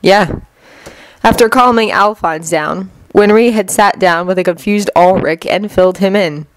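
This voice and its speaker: A woman reading a fanfiction story aloud as narrator, in an even, measured way. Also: medium pitch, slight background noise, rough recording. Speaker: fanfiction reader.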